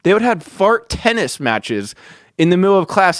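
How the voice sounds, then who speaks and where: Fired-up podcast guy telling a story, kinda high voice, says dude a lot. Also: normal speed, background noise. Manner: excitable, swears, keeps saying "dude". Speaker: podcast host. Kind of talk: casual storytelling.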